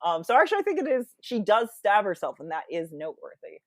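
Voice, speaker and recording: A woman as a podcast guest, telling a story in casual, animated chat full of quoted voices. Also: medium pitch, fast, no room sound.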